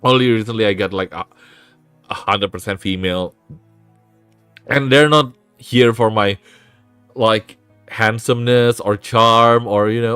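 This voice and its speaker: A man's voice: lowish voice, unhurried, a bit bright, smooth, no echo, faint music behind. Rambling man with a sore throat. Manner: rambling, self-interrupting, laughs often. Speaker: VTuber streamer and host. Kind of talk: casual live-stream chat.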